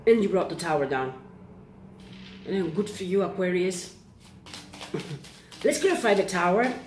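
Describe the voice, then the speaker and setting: A woman giving a casual tarot reading to camera. She is excitable and keeps checking in with "okay?". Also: on the low side, measured pace, roomy sound, slight background noise. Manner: excitable, repeats "okay?" often. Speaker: tarot reader.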